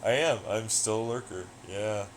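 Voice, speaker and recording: A man's voice: on the low side, moderate pace, slight background noise, poor audio. A young man chatting casually on a livestream, rambling and swearing a lot in a sardonic tone. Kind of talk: casual stream chat.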